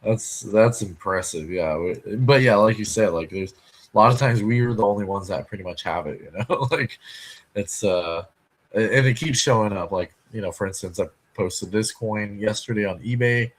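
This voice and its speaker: A man's voice: on the low side, normal speed, low-quality recording. A man from the United States co-hosting a coin podcast, talking loosely with lots of "like" and "you know". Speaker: coin dealer podcast co-host. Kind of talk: casual shop talk podcast.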